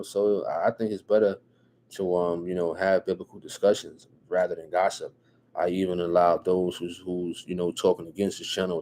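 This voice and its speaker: Male host, New Jersey accent, deep and dark-toned, relaxed live-stream chatter. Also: slight background noise. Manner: relaxed, repeats phrases, frequent "you know what I'm saying", chuckles often. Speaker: livestream host reading viewer comments. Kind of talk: casual live-stream chat.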